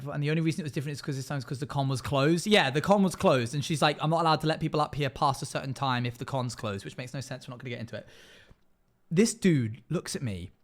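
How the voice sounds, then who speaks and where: A man streaming live, telling a story to his chat in a casual way and acting out the other people in it. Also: on the high side.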